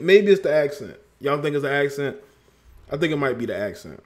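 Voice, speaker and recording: A man's voice: a little high, sing-song, fairly quick. A man hosting a livestream, commenting on a played clip in a mocking tone. He laughs and repeats words for effect. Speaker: livestream host.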